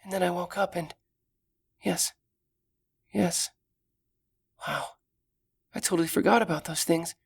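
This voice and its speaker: A man's voice: sits high, fairly even intonation, a little slow, creaky, pauses often, slightly rough, voice pushed up, full character voice. A man doing a frightened young she-elf. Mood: reflective. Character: young female elf, frightened but brave. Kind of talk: audiobook character voice.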